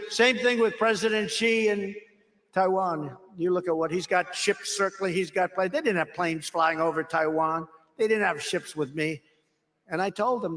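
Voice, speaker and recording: An older man delivers a rambling rally speech, bragging and repeating his points. His voice is slightly high for a man and swings between hushed asides and loud emphasis. Long reverb hangs on every phrase from the large hall. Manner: boastful, repetitive, rambling, swings from quiet asides to shouts. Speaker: political speaker. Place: political rally.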